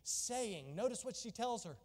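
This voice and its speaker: Man, pastor, very high voice, fervent exclamatory sermon, long church-hall reverb. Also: animated, a little slow, a little mellow.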